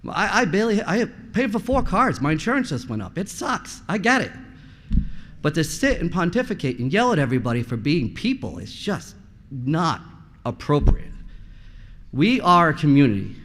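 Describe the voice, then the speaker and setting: A man in his forties speaks out bluntly at a school committee meeting, his fairly high voice carrying a long reverb through the hall. He argues with passion and keeps throwing rhetorical questions at the room. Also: sing-song, normal speed, fairly bright tone. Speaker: parent giving public comment.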